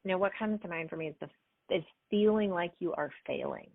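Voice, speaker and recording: A woman in her forties, a performance coach answering interview questions in an energetic, chatty way. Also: lowish voice, fast, vocal fry, no room sound. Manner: energetic, chatty, acts out little quoted exchanges. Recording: dry, phone-like remote call audio.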